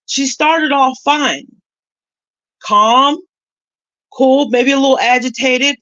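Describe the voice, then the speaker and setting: A woman's voice: high voice, slow, bright, forceful tone, highs cut off. A woman telling her viewers a story in casual chat, talking emphatically and repeating herself for weight. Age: adult with a son. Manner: emphatic, repetitive, conversational. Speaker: YouTube commentator.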